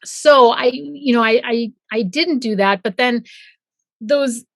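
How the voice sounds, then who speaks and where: Animated middle-aged woman telling her story. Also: fairly high pitch, slow, vocal fry, dry recording. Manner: animated, acts out her own past thoughts in quoted voices. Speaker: guest, former pathologist turned coach. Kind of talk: casual interview storytelling.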